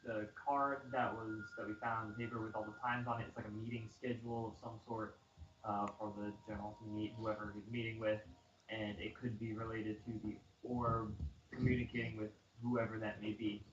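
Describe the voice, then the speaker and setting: A man talking as a player in a tabletop game, halting and restarting as he explains. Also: fairly low pitch, level tone, recorded from a distance. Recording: roomy, dull audio with faint noise.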